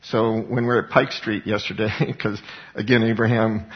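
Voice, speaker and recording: A man's voice: on the low side, little pitch movement, normal speed. A man preaching in an earnest, chatty Bible-teaching style, often restarting his sentences. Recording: dull lo-fi sound.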